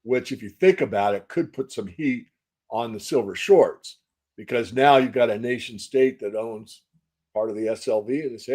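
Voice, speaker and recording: An older man answering interview questions as a market analyst, measured and folksy, repeating phrases for emphasis. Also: mid-range voice, darkish tone, breathy edge. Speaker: silver market analyst guest.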